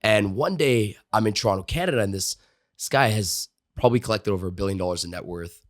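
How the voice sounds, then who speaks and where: A man who trains salespeople, a podcast guest telling stories in a lively way and using many casual fillers. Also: fairly low pitch, fast talker, no room sound, clean studio sound. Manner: animated storyteller, frequent "like" and "you know" fillers. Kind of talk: conversational storytelling interview.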